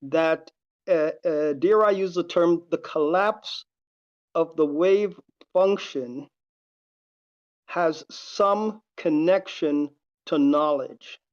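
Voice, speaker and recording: Slow, halting caller on a dull line. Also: medium pitch. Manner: slow, hesitant, halting questions. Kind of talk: casual debate on a live call.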